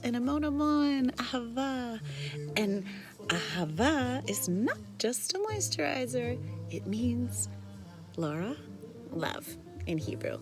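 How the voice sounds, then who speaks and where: A middle-aged woman, chatting casually to viewers of her livestream from her apartment, animated and laughing often. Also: fairly high pitch, slow, music in the background. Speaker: vlogger. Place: apartment in Israel.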